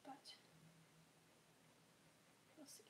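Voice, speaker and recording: A woman's voice: drawn-out words, very noisy. A woman chatting casually on a sewing livestream at home, often dropping into whispers as she works. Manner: muttering, often whispering to herself. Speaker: sewing vlogger.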